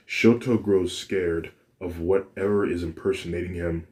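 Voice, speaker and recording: A man reads a fan story aloud in a low, deep voice. He takes his time over each line and keeps a plain, unhurried delivery. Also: fairly even intonation, a little mellow. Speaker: narrator.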